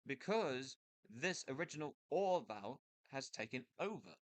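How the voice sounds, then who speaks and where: A man giving a casual spoken explainer over a screen recording, thinking aloud in a loose, hesitant way with pauses and restarts. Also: mid-range voice, sing-song, no room sound. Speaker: video creator explaining accents. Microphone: computer mic with screen capture.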